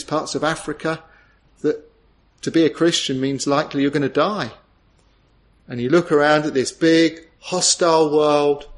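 A male preacher delivering an earnest, tender sermon full of rhetorical questions. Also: mid-range voice.

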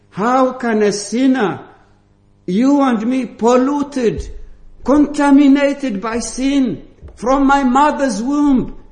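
A man preaching a sermon, slow and deliberate, stressing key words with rising emphasis. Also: high-pitched, darkish tone. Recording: echoey room.

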